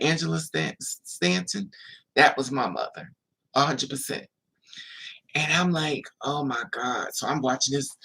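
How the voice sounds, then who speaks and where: Gravelly, husky-voiced man telling stories. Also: medium pitch, pushed and bright. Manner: chatty, digressive, laughing asides. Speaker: vlogger. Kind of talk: casual storytelling. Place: indoors, at home.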